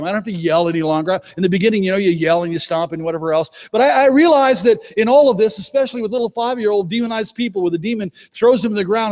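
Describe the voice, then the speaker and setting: A man preaching at a conference, emphatic, swinging between loud declarations and low, intense asides. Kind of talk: conference sermon. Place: conference hall. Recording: long hall reverb.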